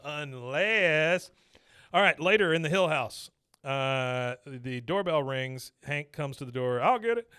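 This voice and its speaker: A man co-hosting a podcast, recapping scenes in casual chat and jumping into quick put-on voices when he quotes characters. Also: clean tone, no room sound, clean studio sound. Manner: animated, jumps into high put-on voices when quoting. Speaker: podcast co-host recapping episodes.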